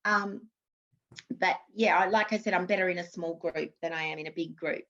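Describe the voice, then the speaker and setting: A woman's voice: fairly low pitch, steady tone, normal speed, a bit bright, lo-fi sound. An Australian woman in her fifties, a former TV actress, chatting through anecdotes in an interview with frequent restarts. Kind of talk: casual interview storytelling.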